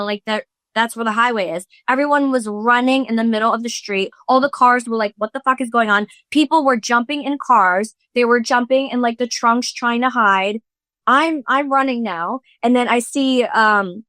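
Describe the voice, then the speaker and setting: A woman's voice: fairly high pitch, fairly bright tone, no echo. A woman in her thirties, a podcast host, recounting a chaotic story in casual chat, full of swearing, fillers and acted-out quotes.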